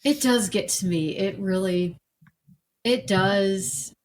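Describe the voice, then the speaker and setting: A woman's voice: medium pitch, takes it slowly, a little hiss or hum. A woman guest on a film podcast, chatty and laughing often as she tells stories. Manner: chatty, laughs often, mimics people in quotes. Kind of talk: casual film chat.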